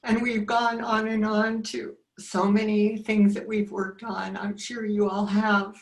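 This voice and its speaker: Grandmother in her sixties, earnest and halting. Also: mid-range voice, level tone. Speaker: reunion guest. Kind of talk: heartfelt reminiscence. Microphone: video call.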